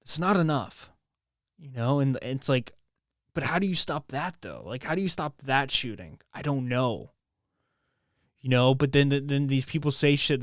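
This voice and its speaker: A man from the United States hosting a solo podcast from home, talking in a halting, emotional way and swearing often, with many restarts. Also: mid-range voice, dry recording, clean studio sound. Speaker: podcast host. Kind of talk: casual solo podcast monologue. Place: at home, near his bed.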